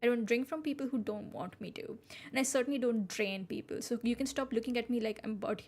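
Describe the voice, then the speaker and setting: A woman's voice: on the high side, quick pace, darkish tone, soft background music. A woman voicing a sardonic female vampire in a story game, reading her defensive retorts in her own voice. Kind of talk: reading game dialogue aloud.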